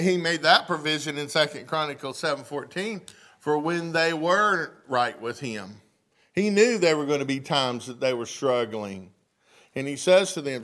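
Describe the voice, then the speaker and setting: Pastor preaching a sermon. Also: male voice, a little high, fairly bright tone. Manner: asks the congregation questions, reads scripture aloud. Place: church sanctuary.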